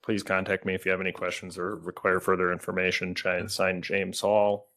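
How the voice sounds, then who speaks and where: A man reading written letters aloud into the record at a county committee meeting, in a flat, even manner with occasional stumbles. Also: deep voice, brisk. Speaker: committee staff reading correspondence.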